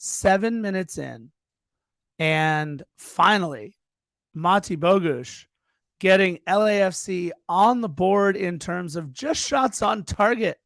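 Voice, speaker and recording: A man's voice: high voice, slow, gravelly, no room sound, clean studio sound. A man co-hosting a podcast, eagerly retelling match moments in casual soccer chat. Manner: eager, excitable play-by-play retelling. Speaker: podcast co-host.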